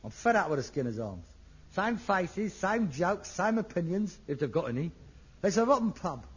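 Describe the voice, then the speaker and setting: An actor playing a touchy, irritable grown son who snaps into rants, in a dull, lo-fi old radio sitcom recording. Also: male voice, high-pitched, big pitch swings, normal speed, slightly rough, full character voice. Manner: irritable, snapping, flares into rants. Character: frustrated middle-aged London son, irritable and touchy. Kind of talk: 1960s radio sitcom acting.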